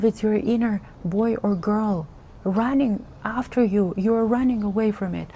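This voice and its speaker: A woman's voice: mid-range voice, dark tone, dull audio. A woman giving an earnest, emotional spiritual message as a tarot reader, repeating herself for emphasis. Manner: slow, earnest, repetitive, emotional.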